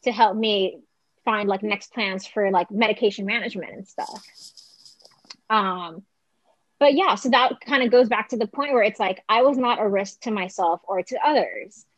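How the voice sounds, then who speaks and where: A young woman telling a personal story in casual conversation, talking fast and filling her speech with "like". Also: medium pitch. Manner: chatty, heavy use of "like", quick quoted asides. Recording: slightly dull close dry recording.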